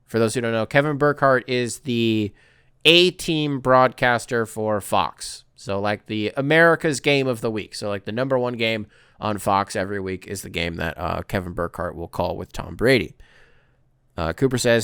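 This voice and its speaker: Laughing, riffing man, smooth and dry. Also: medium pitch, animated, unhurried, a bit bright, no echo. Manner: laughs often, riffs and swears while reading. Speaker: podcast host. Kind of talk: casual sports podcast, reading listener email.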